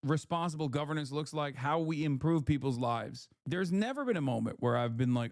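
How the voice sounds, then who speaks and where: A man's voice: on the high side, animated, fairly quick, few pauses, darkish tone, no echo, clean studio sound. Heated, profane man ranting on stream. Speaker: livestreamer host. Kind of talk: casual political commentary.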